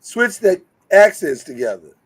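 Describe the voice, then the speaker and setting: A man with a husky, slightly high voice hosts a podcast, joking and animated. His pitch swings widely, and his delivery slips into preacher-like flourishes. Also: measured pace, rough recording. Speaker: podcast host. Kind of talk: casual chat.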